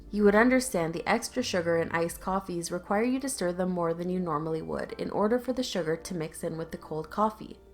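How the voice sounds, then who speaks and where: A woman narrating online stories aloud in a conversational, lightly sarcastic reading style, with casual asides. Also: medium pitch. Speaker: YouTube story narrator.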